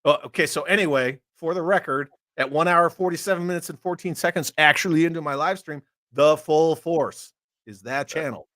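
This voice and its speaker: Guy running a toy live stream, kinda high voice, loose and jokey, reads chat, no room echo. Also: a little fast, fairly bright tone, studio quality. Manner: loose, joking, swears casually. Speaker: army veteran. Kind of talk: casual live-stream chat reading comments.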